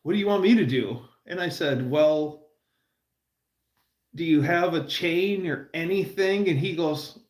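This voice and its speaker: A man's voice: a little high, echoey room. A man hosting a livestream, telling a rambling car story with restarts and laughs. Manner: rambling, self-interrupting anecdotes with laughs. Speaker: livestream host. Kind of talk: casual storytelling.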